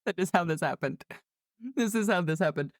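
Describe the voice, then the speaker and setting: A woman's voice: fairly low pitch, expressive, a little fast, no echo, studio quality. A woman from the American Midwest hosting a podcast interview, friendly and self-deprecating, steering the talk back on track. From Midwest, United States. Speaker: podcast host. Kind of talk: interview conversation.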